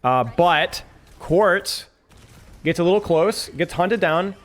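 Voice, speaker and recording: Man casually breaking down match plays. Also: sits high. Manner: quick analytical commentary, relaxed chat with viewers. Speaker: streamer and coach. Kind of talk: casual match analysis and chat. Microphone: desk microphone.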